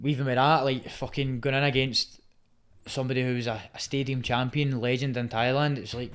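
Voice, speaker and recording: A man's voice: medium pitch, level tone, a little fast, smooth. A man with a Scottish accent, a fighter as a podcast guest, talking bluntly and emphatically in casual chat, swearing a lot and calling the host "mate" after nearly every phrase. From Scotland. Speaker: guest, Muay Thai fighter.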